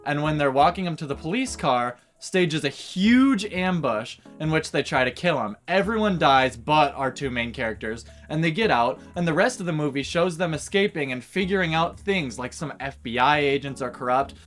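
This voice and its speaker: A man's voice: fairly high pitch, normal speed, hardly any pauses. Casual young man recapping movies. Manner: relaxed, filler-heavy with "like". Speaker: movie review co-host. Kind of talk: casual chat and plot recap. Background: soft background music.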